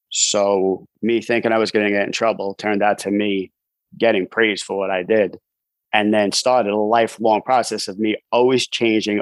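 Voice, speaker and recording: A low-pitched man with a New York accent tells his story in a flat, even tone. He rambles casually and leans on "you know" fillers. The sound is dry and close, with no room echo. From Brooklyn, New York. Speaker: podcast guest, author in recovery.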